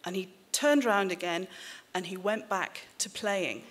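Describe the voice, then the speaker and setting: Woman author in her forties, from the border country, reading her memoir live. Dry, wry, measured delivery. Voice carries a hall reverb. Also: mid-range voice. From English-Welsh border country. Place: stage in a hall.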